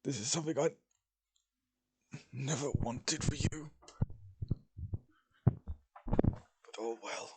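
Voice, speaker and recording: Young man putting on a bleeding, dying dad pilot in a fan story: weak, stammering, coughing, slow and low-toned. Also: darkish tone. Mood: dying, pleading. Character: dying middle-aged father pilot, bleeding, pleading.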